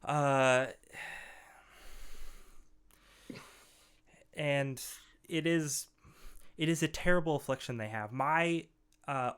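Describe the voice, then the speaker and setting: A man playing a deep-voiced ogre mage. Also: vocal fry, a bit bright, clear, resonant tone. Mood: earnest. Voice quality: heavy bass voice. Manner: measured, formal speech with pauses. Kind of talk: tabletop game role-play.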